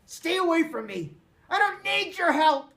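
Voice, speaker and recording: Man reading as a frightened teen boy, shrieking, lively pitch, storybook read-aloud. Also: a little slow, gravelly, distant mic, heavily acted. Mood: furious. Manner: screaming, sobbing, shouting. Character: frightened, furious teenage boy Peter.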